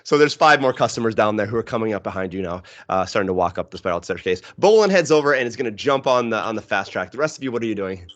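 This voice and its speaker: A man's voice: fairly low pitch, expressive, fast talker, few pauses, a bit bright, lo-fi sound. A man narrating as game master of a tabletop game, casual, with frequent fillers and laughs.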